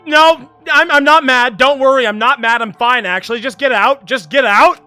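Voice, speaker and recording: A man voicing a guarded, proud young female detective from a game, shouting in a clipped, stammering way. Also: very high-pitched, a little fast, no room sound, soft background music. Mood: furious. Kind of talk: voicing game dialogue on a stream.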